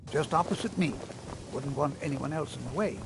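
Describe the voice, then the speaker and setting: An actor playing a patient, kindly old male wizard teacher who lectures gently and a little fussily. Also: on the high side, a little fast, creaky, background noise. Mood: lecturing. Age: older. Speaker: magic instructor. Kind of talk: video game voice acting.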